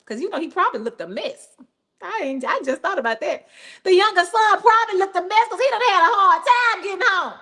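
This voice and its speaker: Woman preacher, high-pitched, chatty and animated delivery with frequent asides. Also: brisk. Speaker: pastor. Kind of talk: sermon.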